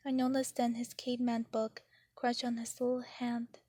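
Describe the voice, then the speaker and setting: A woman reading a novel chapter aloud in the first person, in a steady, even way. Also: a little high, moderate pace, no room sound. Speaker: narrator.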